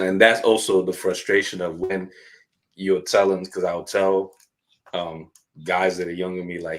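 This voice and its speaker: A man talks in a casual faith-based podcast chat, his voice sitting on the low side. He is animated and slips into acted-out quotes of other people as he goes. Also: unhurried. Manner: animated, acts out quoted dialogue.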